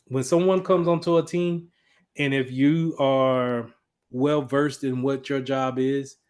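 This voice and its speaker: A man teaching an IT class in a casual, conversational lecture, with frequent fillers and restarts as he explains. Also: medium pitch. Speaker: IT instructor.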